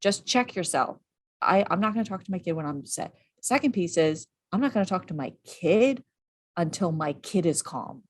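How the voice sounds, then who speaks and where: A woman coach giving parenting advice in a casual interview, quick and animated, acting out what she would say. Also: on the low side. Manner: animated, quick, acts out quoted lines. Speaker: parenting and school behavior coach.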